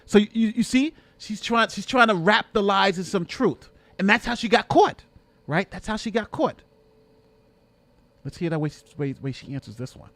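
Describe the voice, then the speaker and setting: A man giving excitable reaction commentary, repeating himself and now and then bursting into shouts. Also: high voice, moderate pace, dry recording.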